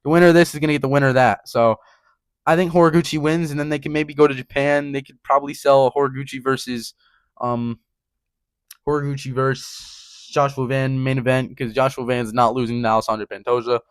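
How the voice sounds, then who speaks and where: A man's voice: mid-range voice, fairly even intonation, a little fast, clear, resonant tone, no echo. A young man hosting his own channel, ranting heatedly in casual talk, swearing and repeating "bro". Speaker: channel host. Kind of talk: casual fight-prediction rant.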